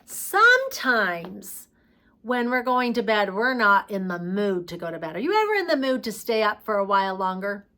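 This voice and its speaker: A woman teaching a preschool craft class and reading a picture book aloud to young children, slow and playful. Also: mid-range voice, big pitch swings, sharp tone.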